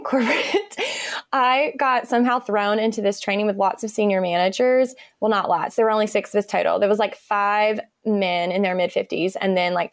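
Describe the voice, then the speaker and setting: A woman's voice: medium pitch, no echo, clean studio sound. Chatty, enthusiastic American woman. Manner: enthusiastic, chatty storyteller, many fillers. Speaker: podcast guest. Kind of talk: casual interview chat.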